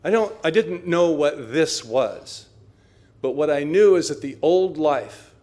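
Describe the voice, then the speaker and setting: A man's voice: on the high side, lively intonation, measured pace, dark tone. A middle-aged man speaking at a recovery meeting, telling his own story with candid, self-mocking humor and frequent chuckles.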